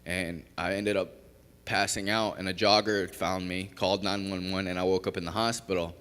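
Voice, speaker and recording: A young man shares his recovery testimony from the front of a church, speaking in a candid, conversational way full of fillers and self-corrections. His voice sits a little low. The sound carries a long reverb from the large sanctuary. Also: level tone, normal speed, a bit bright, smooth. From Kentucky. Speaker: recovery program graduate giving testimony. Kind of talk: personal testimony in a church service.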